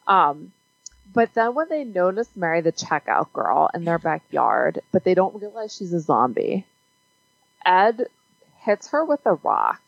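A woman's voice: low voice, no room sound, lo-fi sound. A woman co-hosting a casual movie review podcast, who loses track of her point as she talks. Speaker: podcast co-host.

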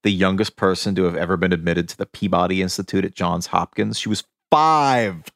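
A man co-hosting a podcast, sharing film trivia in an enthusiastic, animated way and laughing often. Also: low voice, a little fast, creaky, dry recording, studio quality. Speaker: podcast co-host. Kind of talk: casual film-trivia chat.

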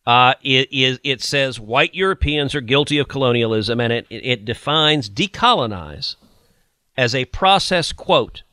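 A man's voice: mid-range voice, lively intonation, unhurried, sharp tone, dry recording. A man hosting a political podcast, indignant and sarcastic as he reads quotes aloud and mocks them. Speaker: podcast host. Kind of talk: opinionated political commentary.

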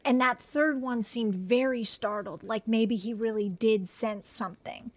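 A woman's voice: fairly high pitch, unhurried. A woman playing a tabletop role-playing game, talking through her ideas in a thoughtful, slightly tentative way. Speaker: player.

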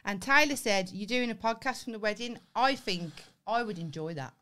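A woman co-hosting a podcast, loud, giggly and sweary. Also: mid-range voice, normal speed. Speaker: podcast co-host. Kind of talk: casual banter.

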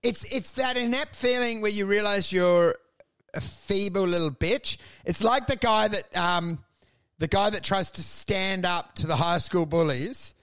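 A man, co-hosting a comedy podcast, rambling through crude stories and acting out scenes in shouted high voices. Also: a little slow, clear, resonant tone. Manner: crude, swears often. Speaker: podcast co-host.

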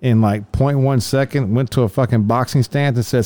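A man's voice: medium pitch, brisk, hardly any pauses, warm tone, no room sound. A man, a police officer, casually telling a rambling, profane story and raising his voice to act out the people he quotes.

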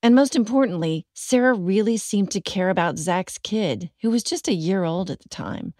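A woman hosting a podcast, reading a scripted true-crime narration in a measured, serious way. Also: medium pitch, expressive, a little mellow, dry recording, clean studio sound.

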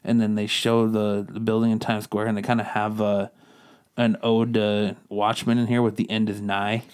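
A man's voice: on the low side, little pitch movement, moderate pace, a little mellow, smooth. A man co-hosting a casual podcast, rambling through a comic plot and tossing in quoted lines as he goes. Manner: rambling recap, quotes characters in passing. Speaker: podcast co-host reviewing comics. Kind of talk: casual chat.

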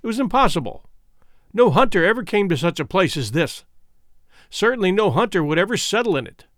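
Expressive male audiobook narrator. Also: sits high, no echo, studio quality. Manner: measured first-person storytelling. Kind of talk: scripted narration.

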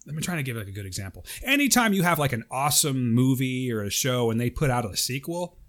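A man's voice: medium pitch, fast. A man co-hosting a podcast, chatting casually and reading a listener's email aloud with jokes. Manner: animated, jokey, reads listener mail aloud. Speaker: podcast co-host.

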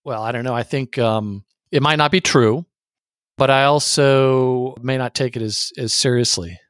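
A man hosting an interview, agreeable and quick with quips in casual chat. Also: mid-range voice, fairly bright tone, clean tone, no room sound, clean studio sound. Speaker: interview host.

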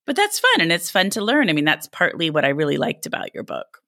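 A woman's voice: low-pitched, wildly swooping pitch, quick pace, bright, forceful tone. A woman hosting an interview, asking curious, friendly questions. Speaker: interview host. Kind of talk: casual interview chat.

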